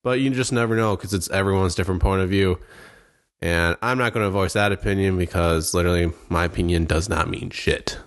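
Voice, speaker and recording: A man's voice: low voice, brisk. A man in a casual chat, ranting and swearing with sarcastic jabs.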